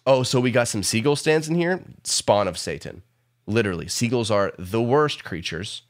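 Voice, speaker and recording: A young man streaming a casual reaction to an album, excitable, swearing often and joking. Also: medium pitch, moderate pace. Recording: faint pop music underneath. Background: pop music playing.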